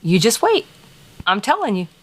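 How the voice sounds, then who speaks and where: A woman with a light Southern American accent, co-hosting a podcast in casual, rambling chat with quick laughs and playful teasing. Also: mid-range voice, big pitch swings, husky. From Southern United States. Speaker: podcast co-host.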